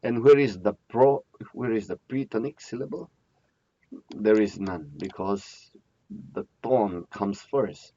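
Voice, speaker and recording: A man with a fairly low, dark voice teaches grammar slowly in a classroom lecture, repeating key terms and asking questions he then answers himself. The recording is dull, muffled, and lo-fi.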